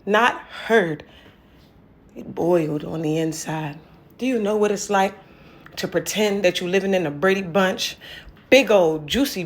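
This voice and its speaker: A woman with a medium-pitched voice improvises a spoken word poem that feels raw and accusatory. She shifts between quiet lines and forceful ones, circling back to certain words as refrains.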